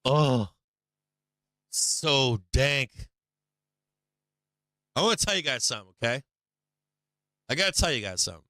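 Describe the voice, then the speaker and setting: Crisp, forceful low-voiced male streamer. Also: very animated, a little slow, pauses often, no echo. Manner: rambling and profane, answers chat. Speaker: livestream host. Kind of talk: casual livestream chat.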